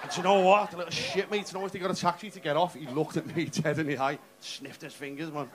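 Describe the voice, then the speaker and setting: A man's voice: a little high, steady tone, fast talker. A man, doing a brash, sweary stand-up set on a comedy club stage, teasing the crowd. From England. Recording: noisy live club recording. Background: audience laughter.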